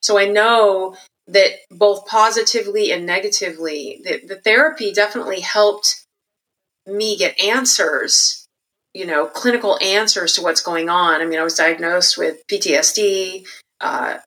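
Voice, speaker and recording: A middle-aged woman telling her life story candidly and reflectively, growing animated when she quotes others. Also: medium pitch, moderate pace, poor audio. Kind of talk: personal storytelling interview.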